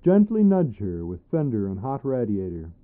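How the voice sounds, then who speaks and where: A man reading his own poems aloud, dramatic, leaping between loud high bursts and low murmured phrases. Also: wildly swooping pitch, normal speed. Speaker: poet. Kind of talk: poetry reading. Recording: tinny narrow-band recording.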